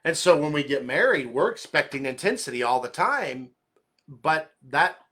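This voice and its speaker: A man's voice: fairly high pitch, big pitch swings, moderate pace, pushed and bright. A man pastor giving a conversational sermon, earnestly checking in with listeners and often rephrasing mid-thought.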